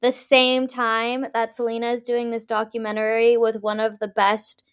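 A woman's voice: a little high, monotone, moderate pace, smooth. A young woman co-hosting a podcast, chatting bluntly and swearing freely while she trades gossip and questions. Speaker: podcast co-host. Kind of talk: casual gossip chat.

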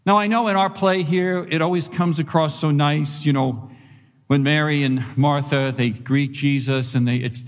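A male pastor preaching a sermon in a church, animated and conversational, repeating phrases for emphasis. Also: fairly high pitch, moderate pace. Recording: long reverb of a large hall.

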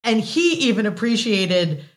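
A woman in her late thirties telling a work story as an interview guest, animated with quick asides and laughs. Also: fairly high pitch. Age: late 30s. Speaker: wine sales guest. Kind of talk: casual storytelling.

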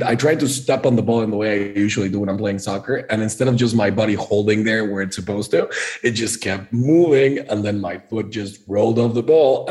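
Low-voiced man telling a casual story. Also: darkish tone. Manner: loose storytelling, joking. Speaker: podcast co-host. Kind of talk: casual chat.

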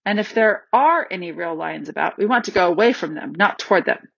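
A woman voicing a gruff, practical male dwarf who speaks bluntly and matter-of-factly in a storybook reading. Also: fairly low pitch, lively intonation, brisk, a bit bright, heavily acted. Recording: dull, slightly lo-fi dry recording.

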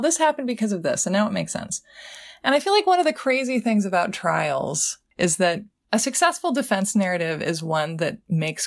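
A woman co-hosting a podcast, talking quickly and discursively in casual discussion, full of "like"s. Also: sits low, vocal fry. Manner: quick, discursive, thinking aloud with many "like"s. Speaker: podcast co-host.

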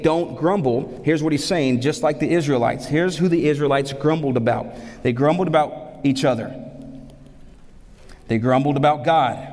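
A man preaching a sermon as pastor, animated, asking rhetorical questions and repeating words for emphasis. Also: a little high. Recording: long hall reverb.

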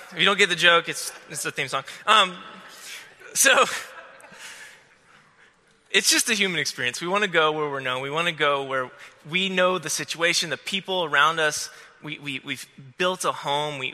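A man's voice: on the high side, moderate pace, pushed and bright, long reverb tail. A man giving a casual, rambling sermon to students, full of restarts and fillers.

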